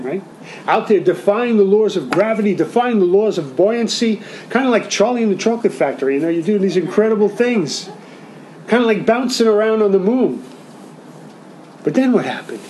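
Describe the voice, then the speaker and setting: A man's voice: sits high, darkish tone, a little hiss or hum, low-quality recording. A man preaching a sermon as pastor, talking conversationally and asking the congregation questions.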